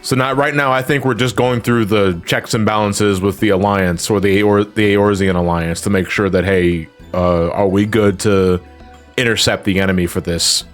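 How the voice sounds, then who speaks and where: Lowish guy gaming on stream, rambly, lots of um and restarts, faint music behind. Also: fairly even intonation, normal speed. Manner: rambling, many restarts and fillers, swears freely. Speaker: streamer playing an online game. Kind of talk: casual gaming chat.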